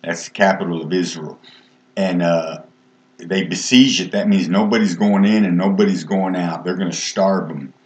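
A man leads a relaxed Bible study in a low voice. He reads the old scripture aloud, then retells it in easygoing, folksy talk. The room around him is echoey. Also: normal speed. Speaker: Bible teacher. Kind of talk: casual Bible study teaching.

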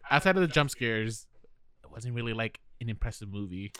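Male podcast co-host, mid pitch, bright, lively, reenacts his own reactions. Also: fairly quick, smooth, no echo, studio quality. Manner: chatty, animated, quotes himself. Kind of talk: casual chat.

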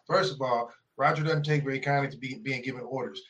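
A man co-hosting a podcast, telling a story in a casual, profane, animated way and acting out the people in it. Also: medium pitch, fast talker, few pauses, a little hiss or hum, low-quality recording. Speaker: podcast co-host. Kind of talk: casual chat, storytelling rant.

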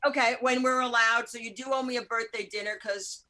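A woman hosting an online chat show over a video call, effusive and animated, with frequent swearing. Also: fairly high pitch, a little fast, a loud crowd. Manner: gushing, animated and profane. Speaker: host. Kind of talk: casual chat.

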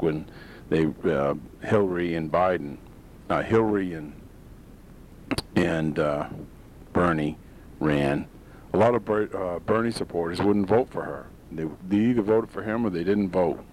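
A man with a very low, deep voice delivers a solo show monologue. He rambles and restarts, stacking "uh"s between blunt, sarcastic opinions. A faint low rumble sits behind him. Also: a little mellow, low-quality recording. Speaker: podcast host. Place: home in Maine.

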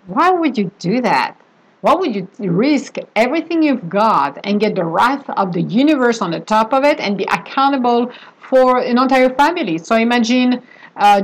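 A woman's voice: on the high side, poor audio. A woman talking casually and emphatically about love spells, with chatty asides and a way of speaking English. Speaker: spiritual practitioner giving advice. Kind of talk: casual monologue.

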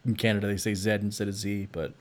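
A man hosting a podcast in casual chat, joking and quick to laugh. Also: fairly low pitch, little pitch movement. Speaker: podcast host.

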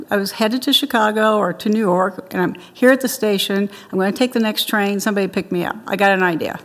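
Older woman telling stories in a hall. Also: mid-range voice. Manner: chatty, laughs often, warm storytelling. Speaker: interviewee. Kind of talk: interview storytelling.

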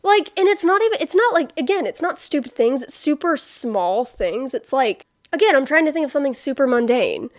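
A young woman with a fairly high voice chats casually and tells a story with lots of animation, acting out what others said. Her talk is full of fillers and swearing. The sound is dry and close, with little room echo. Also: sing-song, brisk, hardly any pauses. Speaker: podcast co-host. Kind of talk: casual chat.

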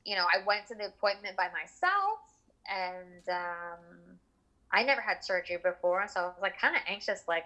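A woman's voice: mid-range voice, animated, normal speed, bright, forceful tone, lo-fi sound. A woman in her thirties, an interview guest, telling a personal story in a candid, chatty way with lots of fillers.

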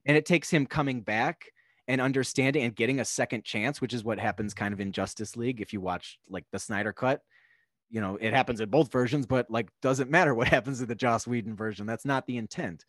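A young man on a podcast, casually talking through a film in a rambling, animated way. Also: medium pitch, brisk, no echo, clean studio sound. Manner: rambling, animated, acts out characters' lines. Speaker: podcast guest.

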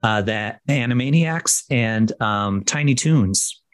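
A man co-hosting a podcast, casually explaining history in a steady, explanatory way. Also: medium pitch, slow pace, dry recording. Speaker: podcast co-host. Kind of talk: casual chat.

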